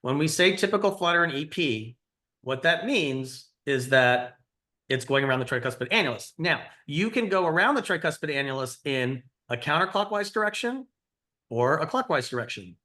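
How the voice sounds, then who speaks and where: A man's voice: fairly high pitch, animated, normal speed, pushed and bright. A middle-aged man giving a conversational teaching lecture, explaining and quizzing his audience. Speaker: cardiology lecturer.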